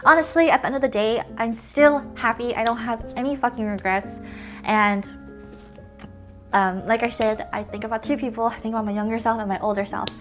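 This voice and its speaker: Young female streamer, tired, filler-heavy casual chat, slightly high voice, soft music behind. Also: fairly even intonation, a little fast. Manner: chatty, many "like" fillers, swears. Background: faint music.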